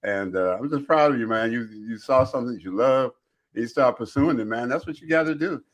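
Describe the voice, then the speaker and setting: A middle-aged man, a radio host guesting on a podcast, easygoing and quick to laugh. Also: medium pitch. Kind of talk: casual chat.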